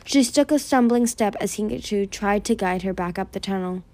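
A woman's voice: medium pitch, moderate pace, a little mellow, no echo. Woman reading a fantasy novel aloud. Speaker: audiobook reader. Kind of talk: fan audiobook reading.

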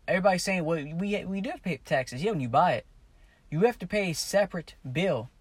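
A man's voice: mid-range voice, no room sound. A man from Maryland talking casually to camera while driving his car, meandering and correcting himself as he goes. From Maryland, USA. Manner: chatty, meandering, self-correcting, apologizes for cussing. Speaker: vlogger. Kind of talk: casual rambling monologue.

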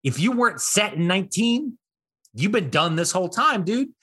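A man in his thirties co-hosting a casual comedy podcast, telling bits in an animated way and jumping into high voices for characters. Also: normal speed, husky, dry recording, studio quality. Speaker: podcast co-host.

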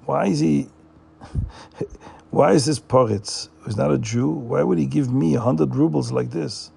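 A man's voice: medium pitch, a little slow, gravelly, warm tone, breathy edge, heavily acted. A man doing a poor, shy, worried father. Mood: doubtful. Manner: worried muttering to himself. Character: poor, shy, despairing older Jewish father.

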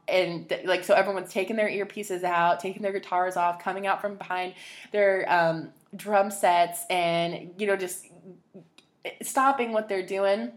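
A young woman hosts her podcast with a slightly low voice. She tells a personal story in a rambling, emotional way, full of "like" and restarts. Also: fairly even intonation, moderate pace. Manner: rambling, emotional, heavy use of "like". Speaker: podcast host.

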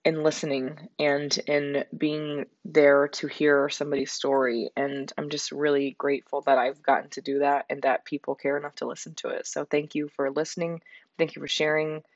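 A woman in her twenties with a hoarse, raspy voice, hosting a reflective solo podcast in an earnest, rambling way. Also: deep voice, little pitch movement, moderate pace, no echo. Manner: earnest, rambling, with frequent likes and laughs. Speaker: podcast host. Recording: dull, slightly lo-fi sound.

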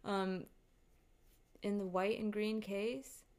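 A woman's voice: medium pitch, slow pace. Woman vlogger, mid-range voice, chatty and shaken storyteller who swears a lot. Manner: animated, profane, rattled storytelling. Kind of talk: casual storytime monologue.

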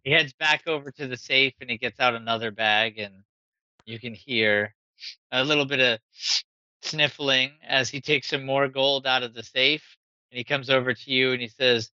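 A man narrating a tabletop game as game master, slowly and haltingly, with frequent fillers. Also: mid-range voice, fairly even intonation, pushed and bright, clean tone, no room sound, dull audio.

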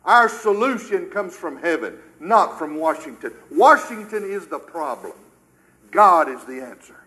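A man's voice: fairly high pitch, expressive, a little slow, bright, forceful tone, rough recording. An older American man preaching a sermon with emphatic rhetorical questions, his delivery surging and dropping.

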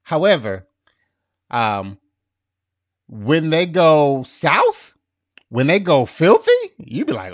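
Middle-aged male pastor, animated sermon, swooping lively pitch, dry close sound. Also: takes it slowly, long pauses, no echo. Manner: animated, laughs at own jokes.

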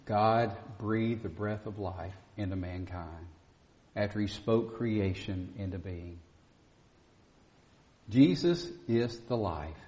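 A man's voice: on the low side, takes it slowly, mellow. A man preaching a sermon with an emphatic, repetitive cadence that rises for emphasis. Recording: dull sound with long reverb.

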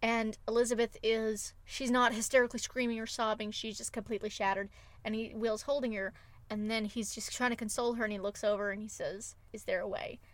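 A woman's voice: fairly high pitch, flat delivery, brisk, dry recording. A woman co-hosting a podcast, retelling film scenes with emotive enthusiasm in casual chat. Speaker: podcast co-host.

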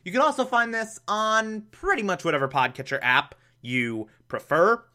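A man's voice: high voice, normal speed, bright, forceful tone. A man hosting a podcast, recapping an episode in a casual, chatty way, laughing often and adding mocking asides. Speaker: podcast host.

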